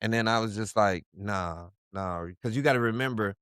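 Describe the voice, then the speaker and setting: A man co-hosting a podcast in a relaxed way, laughing easily and joking at his own expense. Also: fairly low pitch, moderate pace, clear, resonant tone, no room sound, studio quality. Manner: relaxed, laughing, self-deprecating. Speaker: podcast co-host who works with youth. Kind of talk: casual podcast chat.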